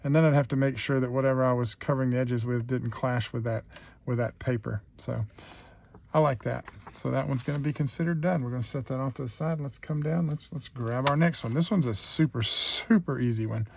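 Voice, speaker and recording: A man's voice: mid-range voice, brisk, vocal fry, slight background noise. A man hosting a real-time craft tutorial, chatting easygoing as he thinks aloud through each step.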